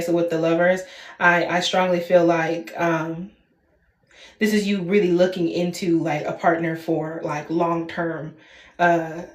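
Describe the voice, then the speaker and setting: A woman in her twenties doing a casual tarot reading, talking straight to her viewers and tagging her sentences with "okay?". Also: fairly low pitch. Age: 20s. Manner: chatty, addresses viewers as y'all, frequent "okay?" tags. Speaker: tarot reader. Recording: echoey room.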